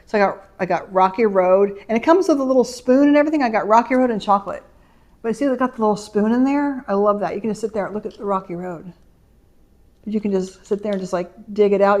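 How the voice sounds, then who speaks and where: Chatty middle-aged woman vlogger. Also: mid-range voice. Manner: chatty, rambling storytelling with laughs. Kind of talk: casual haul vlog chat. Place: home. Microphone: camera mic.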